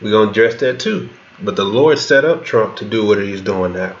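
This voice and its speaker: A man's voice: lowish voice, expressive, normal speed. A man leading a Bible class, reading scripture and commenting in a loose spoken way with restarts. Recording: dull lo-fi recording with faint background noise.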